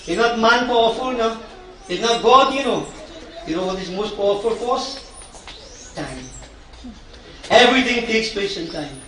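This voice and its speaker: Priest, high voice, chatty preaching style; echoey livestream audio from far off. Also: male voice, expressive, measured pace, pauses often, sharp tone, slight background noise. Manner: conversational preaching with questions to the crowd. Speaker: Hindu priest leading a funeral. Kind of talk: funeral sermon. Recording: echoey distant livestream sound.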